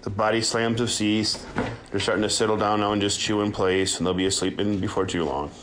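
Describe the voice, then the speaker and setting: A man's voice: steady tone, brisk, background noise. Chatty man narrating his puppies' playtime. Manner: chatty, coos in a high voice at the puppies. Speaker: dog breeder filming his puppies. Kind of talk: casual running commentary to viewers.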